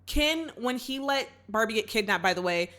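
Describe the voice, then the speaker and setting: In a medium-pitched, brisk voice, a young woman hosting a movie reaction walks through the plot in a casual way. She talks straight to viewers, calling them y'all, and animatedly acts out what the characters say.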